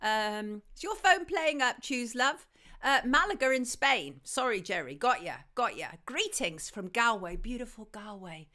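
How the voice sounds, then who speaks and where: A woman hosting a live stream, greeting viewers and reading their messages in a chatty, affectionate way, her throat slightly hoarse. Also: a little high, lively intonation, measured pace, sharp tone. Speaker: host. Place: home studio in southwest London.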